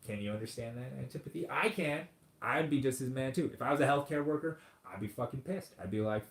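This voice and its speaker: A man's voice: mid-range voice, a little fast. Guy ranting on his podcast, lots of swearing, sarcastic, echoey room. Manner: profane, sarcastic, swings from muttering to loud outbursts. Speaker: podcast host. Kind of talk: comedic ranting monologue. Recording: roomy echo.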